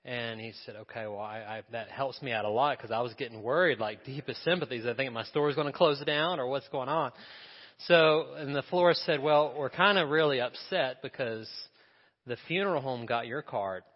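Male pastor, mid pitch, conversational storytelling sermon; dull recording with long hall reverb. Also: moderate pace. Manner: storytelling, conversational, asks the congregation questions.

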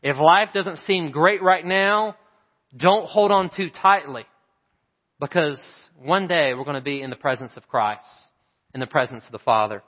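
Male pastor preaching in a reverberant hall. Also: on the high side. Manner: preachy, calls for amens, slows for emphasis. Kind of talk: Easter sermon. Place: church sanctuary. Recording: dull reverberant church sound.

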